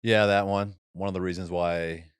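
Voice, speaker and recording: A man's voice: deep voice, steady tone, moderate pace, clean tone, no room sound. A young man hosting a podcast in a studio, chatting playfully with a slight lisp from a retainer. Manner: playful, teasing banter. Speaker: podcast host. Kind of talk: casual chat.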